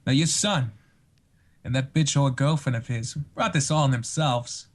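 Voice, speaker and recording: A man doing a slow, menacing older gangster voice. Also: lightly acted. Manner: slow, deliberate, low menacing delivery. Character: impression of a menacing older male actor, slow and sinister.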